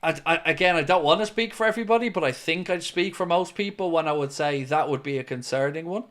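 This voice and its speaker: A man talks football on a live fan stream, his voice sitting a little high. He is blunt and opinionated, says "um" often, and keeps the talk loose and conversational. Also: fast talker, fairly bright tone. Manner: opinionated, blunt, with frequent "um" and "look". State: has the hiccups. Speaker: football fan channel host. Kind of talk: live-stream football chat reading viewer comments.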